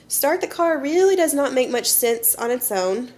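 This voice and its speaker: A woman's voice: sits high, lively intonation, moderate pace, hardly any pauses, a little mellow. Patient woman teaching a grammar lesson. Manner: patient, explains step by step with frequent "okay?" checks. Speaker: elementary school teacher.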